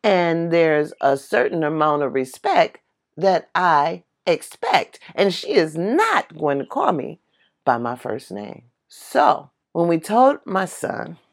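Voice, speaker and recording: A middle-aged woman telling a personal story in a casual monologue, emphatic and animated, laughing now and then. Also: fairly low pitch, takes it slowly, creaky. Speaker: vlogger.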